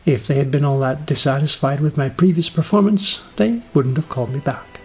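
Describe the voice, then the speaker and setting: Husky man, dry self-deprecating narration. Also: fairly high pitch, expressive, brisk, faint music behind. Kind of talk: scripted personal essay narration.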